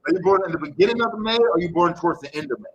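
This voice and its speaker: A man's voice: high-pitched, lively intonation, racing, fairly bright tone, slightly rough, dull audio. A man hosting a tarot reading livestream, chatting casually and rambling, swearing often as he reads out viewers' comments.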